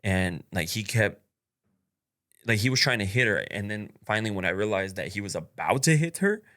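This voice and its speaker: A young man with a fairly low voice hosts his own podcast and talks straight to the listener. He is blunt and swears freely, laughs between his points, and fills his sentences with "like" and "uh". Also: lively intonation, normal speed, sharp tone. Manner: blunt and profane, laughs often, many fillers. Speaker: podcast host. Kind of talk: casual solo podcast monologue.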